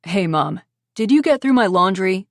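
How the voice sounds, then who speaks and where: A woman's voice: medium pitch, lively intonation, moderate pace, no echo, clean studio sound, close to an everyday voice. A woman voicing a cocky, sleazy male sports reporter in an audiobook. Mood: smug. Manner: cocky, dismissive.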